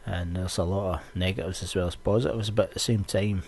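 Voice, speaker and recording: A man's voice: sits low, fairly quick, breathy edge. A young Scottish man, a podcast host, chatting casually and ranting with plenty of swearing. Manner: sweary, ranting, animated storytelling.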